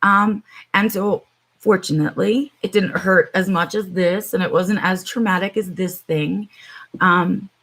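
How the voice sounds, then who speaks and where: A woman's voice: medium pitch, fairly even intonation, measured pace, fairly bright tone. A middle-aged woman chatting on her live stream from home, telling a long story with many ums and asides to her viewers.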